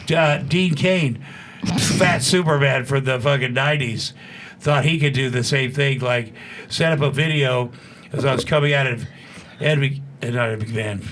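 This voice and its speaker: A man in his sixties telling a story as a studio guest, profane and animated, acting out what people said. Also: medium pitch, a little hiss or hum. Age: 60s. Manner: profane, animated, fast-talking storyteller who acts out quotes. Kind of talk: casual storytelling.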